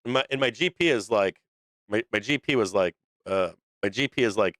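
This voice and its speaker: A man's voice: fairly low pitch, a little fast, a bit bright, no room sound. Blunt, profane middle-aged man ranting. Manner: blunt, profane, rambling with restarts. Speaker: stock market show host. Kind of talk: casual livestream rant.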